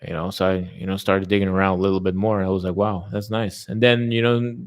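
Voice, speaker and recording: A man's voice: low voice, level tone, fast talker, clear, resonant tone. A man chatting casually with viewers, rambling and swearing freely, with many fillers. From lives in a tourism-based place, has lived abroad. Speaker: channel host chatting with viewers. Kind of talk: casual live chat.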